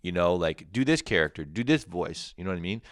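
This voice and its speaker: A young man hosting a crude solo comedy podcast, swearing freely, laughing at his own jokes and jumping into loud mock quotes. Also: low-pitched, lively intonation, fairly quick, no room sound, clean studio sound. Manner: profane, laughing, shifts into shouted mock quotes.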